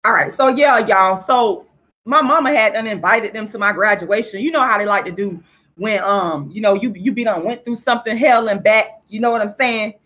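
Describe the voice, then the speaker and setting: A woman's voice: medium pitch, normal speed. Blunt, profane woman ranting on a livestream. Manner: blunt, profane, animated storytelling. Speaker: vlogger. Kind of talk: casual livestream rant.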